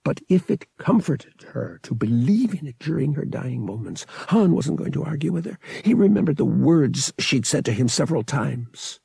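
A man reading an audiobook in steady, measured narration. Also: a little high, vocal fry, slightly rough, dry recording.

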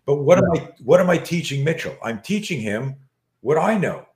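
A man in his sixties, a podcast guest, telling a story in an animated, profane way with many restarts. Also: on the high side, moderate pace. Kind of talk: storytelling in a conversation. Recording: roomy echo.

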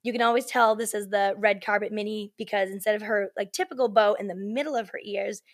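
A woman telling a story as a podcast guest, in a chatty, animated way full of "like" and "you know", acting out what people said. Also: medium pitch, fast. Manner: animated, acts out quoted lines. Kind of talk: casual storytelling chat.

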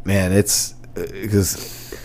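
A man's voice: sits low, monotone, very slow, darkish tone. A man who co-hosts a podcast and gigs as a musician, telling band stories in a casual, rambling chat full of restarts. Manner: rambling storyteller with many restarts. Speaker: podcast co-host and gigging musician.

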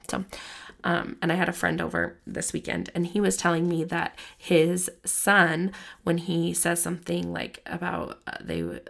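A woman's voice: lowish voice, normal speed, vocal fry, a bit bright. A woman in her thirties hosting a podcast, talking casually and self-deprecatingly, with many restarts. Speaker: podcast host.

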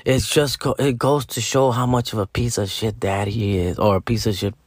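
A man's voice: on the low side, steady tone, moderate pace, no room sound, studio quality. A man in his thirties talking in a casual, rambling vlog monologue, cursing freely and dropping Spanish slang as he explains his comedy videos. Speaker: social media comedy creator.

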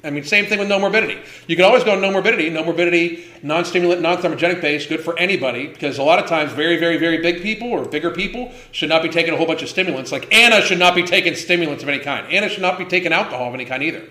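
A man's voice: a little high, racing, few pauses, sharp tone, roomy sound. Profane, heated man in his fifties. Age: 50s. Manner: profane, heated, emphatic repetition. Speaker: host. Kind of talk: ranting livestream commentary.

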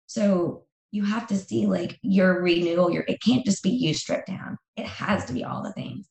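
Gravelly, emphatic woman guest. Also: medium pitch, normal speed, a little mellow, roomy sound. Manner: emphatic, repeats phrases for effect. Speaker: interview guest. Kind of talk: candid podcast conversation.

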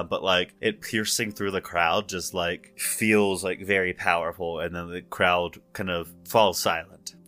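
A man's voice: low-pitched, bright, forceful tone. A man narrating as game master of a tabletop game, loose and full of filler words.

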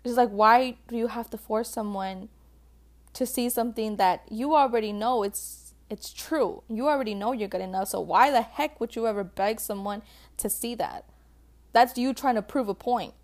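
A woman speaking in a somewhat high voice, talking straight to her viewers in a casual, heartfelt way. She is chatty and emotional, with plenty of fillers and friendly pet names. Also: normal speed. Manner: chatty, emotional, calls viewers sis and babe, many likes. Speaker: vlogger giving relationship advice.

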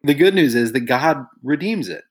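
A man's voice: medium pitch, lively intonation, normal speed, slightly rough. A middle-aged man speaks as a podcast guest, earnest and reflective as he tells personal stories. He livens up when he quotes other people, then settles back into a thoughtful, conversational tone. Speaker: guest, songwriter and author. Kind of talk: conversational storytelling.

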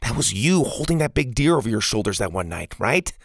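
A man voicing a worried, earnest boy at a jungle camp in a storybook reading, with a gravelly, husky voice. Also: mid-range voice, sing-song, brisk, no room sound, studio quality. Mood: impressed. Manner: earnest, easily grossed out.

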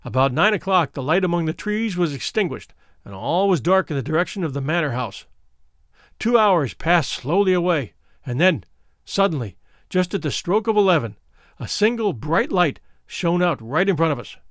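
A man narrating a classic tale in a dramatic, suspenseful way. His fairly high voice moves up and down a lot as he builds tension. The sound is close and dry. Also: lively intonation, moderate pace, fairly bright tone, no room sound. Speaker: storyteller. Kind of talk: scripted narration.

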